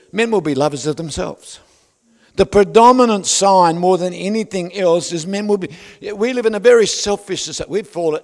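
A man preaching a sermon, conversational with joking asides to the congregation. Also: fairly high pitch. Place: large church hall. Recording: long reverb of a large hall.

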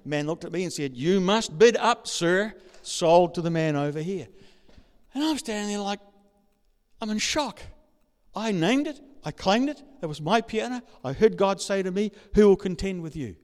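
A man preaching a sermon, telling a personal story and building up to excited shouting. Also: sits high, moderate pace. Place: large church hall. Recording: reverberant hall.

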